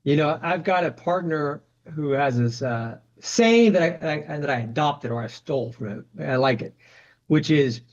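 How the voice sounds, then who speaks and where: A man's voice: fairly high pitch, expressive, moderate pace, muffled recording. A man speaking as a private equity guest in a casual interview, talking conversationally and often adding "you know" and "right?".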